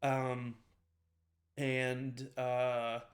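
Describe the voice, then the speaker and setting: A man's voice: mid-range voice, monotone, extremely slow. A man narrating a tabletop game as game master, loose and full of fillers. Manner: casual, filler-heavy description.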